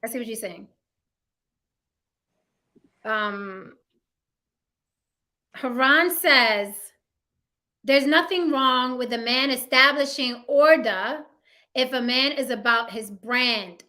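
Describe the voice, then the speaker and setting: A woman hosting a casual live-stream talk show, animated and teasing as she reads out viewer comments. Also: on the high side, takes it slowly, pauses often.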